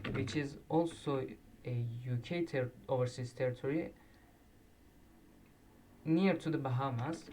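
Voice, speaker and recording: A man's voice: mid-range voice, noisy background. A man casually commenting while playing a flag quiz, thinking aloud and correcting himself. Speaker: quiz video creator. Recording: distant mic with loud keyboard typing. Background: keyboard clicks and typing.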